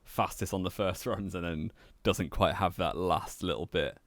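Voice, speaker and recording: Deep-voiced young man, teasing. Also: moderate pace, no echo. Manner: dry, teasing, laughs often. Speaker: podcast co-host. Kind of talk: casual chat.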